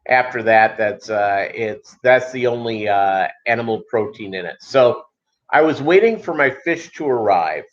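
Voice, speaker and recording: A man hosting his channel in casual live-stream chat, rambling and halting, with many fillers and restarts. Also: medium pitch. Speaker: channel host. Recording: dull lo-fi audio.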